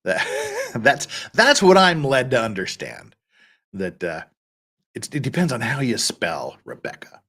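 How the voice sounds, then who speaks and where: A man's voice: medium pitch, big pitch swings, unhurried, sharp tone, husky. A middle-aged man hosting a live stream, chatting casually, reading out viewer comments and laughing often. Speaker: livestream host.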